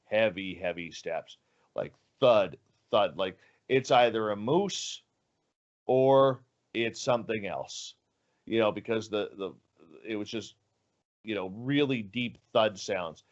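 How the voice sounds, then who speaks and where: A man telling a story on a podcast in an animated way, dropping low and quiet for suspense. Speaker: guest radio host. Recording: dull lo-fi audio.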